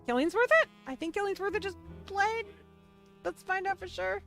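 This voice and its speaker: A woman's voice: very high voice, animated, moderate pace, vocal fry, fairly bright tone, soft background music. A woman hosting a casual livestream, bubbly and playful, chatting straight to her viewers. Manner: bubbly, playful, talks to chat. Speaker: livestream host.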